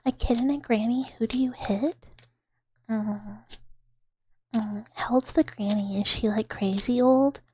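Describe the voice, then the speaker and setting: A woman in her thirties hosting a whispered ASMR livestream, breathy and giggly, rambling as she greets chat on a close mic. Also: a little high, steady tone, unhurried, warm tone, a little hiss or hum. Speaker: ASMR streamer.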